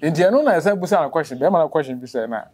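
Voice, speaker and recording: A Ghanaian man speaking as an interview guest, telling a long story that grows animated and rushed as it goes. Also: fairly high pitch. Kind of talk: emotional interview.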